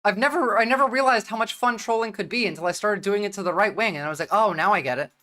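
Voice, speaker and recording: A woman with a New Jersey accent hosts a livestream, reacting bluntly and with plenty of profanity. She talks in fast, loose bursts with a medium-pitched voice. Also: a bit bright. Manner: blunt, profane, rapid-fire. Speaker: streamer. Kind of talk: livestream commentary.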